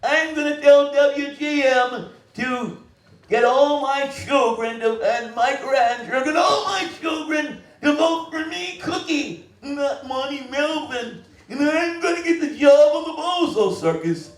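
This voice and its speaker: Man voicing a clown, bragging, shouty, very high birdlike voice, echoey room. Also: unhurried, far from the mic. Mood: boastful. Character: boastful scheming male clown.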